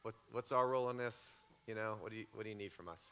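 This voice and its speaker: A man's voice: on the low side, fast talker, a bit bright, clean tone. A man pastor at a church Q&A, joking and upbeat, then earnest as he speaks of faith. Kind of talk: church Q&A talk. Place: church hall.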